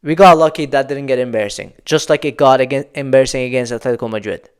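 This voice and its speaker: A man's voice: medium pitch, fast talker, clean tone. A young man hosting a football channel, venting his frustration in a solo post-match reaction with emphatic, repetitive phrasing.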